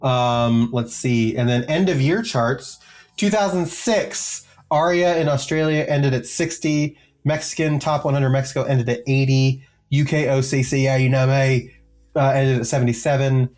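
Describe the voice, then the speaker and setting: A man's voice: medium pitch, moderate pace, a little mellow. Guy on a music podcast rattling off chart numbers, lots of ums, goofy asides, some music under it. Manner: jokey, rambling, many filler ums. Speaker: podcast co-host. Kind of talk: casual chat, reading out chart positions.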